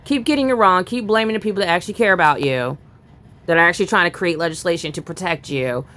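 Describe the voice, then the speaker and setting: Low-voiced furious woman ranting. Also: quick pace, a bit bright. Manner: furious, profane, reads news aloud then rants. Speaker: political commentary vlogger. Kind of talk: angry ranting commentary.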